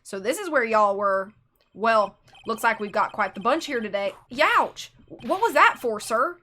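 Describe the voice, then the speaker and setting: Woman as a booming happy-go-lucky cop, high and bright, light music behind. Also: lively intonation, a little fast. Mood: boisterous. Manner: boisterous, folksy, calls people pal. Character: loud goofy male detective, loyal and broke. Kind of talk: dramatic game reading.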